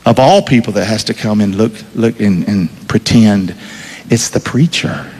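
A man's voice: on the low side, unhurried, a little mellow, breathy edge. A man preaching a sermon, emphatic, with call-and-response questions to the congregation. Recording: long hall reverb.

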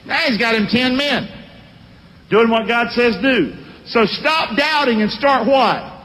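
A man's voice: very high voice, slow pace, a little hiss or hum. A male pastor preaching a sermon, calling out to his congregation. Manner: animated, calls out to congregation. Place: church hall. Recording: echoey hall.

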